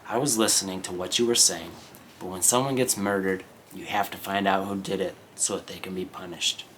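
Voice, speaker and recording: A man reading the lines of an earnest, literal-minded teenage boy who speaks in a flat, matter-of-fact way. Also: low-pitched, fairly quick, slight background noise.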